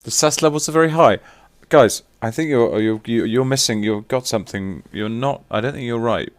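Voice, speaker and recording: A man's voice: mid-range voice, normal speed, no echo. A man chatting casually with viewers on a live stream while signing autographs, teasing and reading out names.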